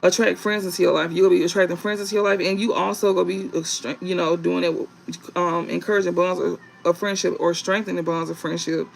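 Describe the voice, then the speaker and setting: A man giving a casual tarot reading to viewers, rambling and halting with many fillers and restarts, and reading card meanings aloud. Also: high-pitched, flat delivery, creaky, slight background noise, rough recording. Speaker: tarot reader.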